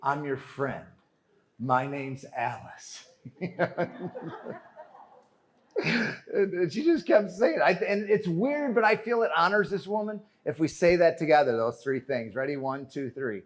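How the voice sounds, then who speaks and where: On a conference stage before a live audience, a man with a high, unhurried voice gives a motivational keynote. He tells a story in an animated, joking way and calls the audience "friends."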